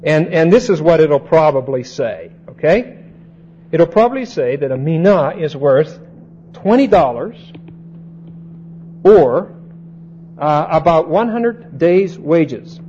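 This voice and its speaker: Male Bible teacher, unhurried and repetitive, slightly high voice, dull recording with faint hum. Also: lively intonation, warm tone. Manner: unhurried, repeats points and checks understanding with "okay?".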